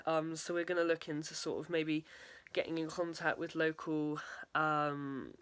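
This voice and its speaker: A woman's voice: sits low, little pitch movement, unhurried, smooth. A young woman, a drama student, talking through a spoken video diary in a hesitant way, full of fillers and "sort of".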